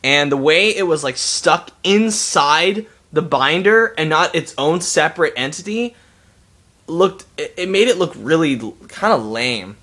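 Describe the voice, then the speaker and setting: Angry high-pitched man ranting. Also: animated, a little slow, sharp tone. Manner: heated, profane, repeats and restarts himself. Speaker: gaming vlogger. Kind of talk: angry rant to camera.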